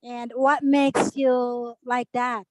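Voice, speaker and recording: A woman's voice: fairly high pitch, flat delivery, slow pace, darkish tone, no room sound, low-quality recording. A woman joining a group video call from her phone, speaking in a heartfelt way and often repeating herself. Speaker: call participant.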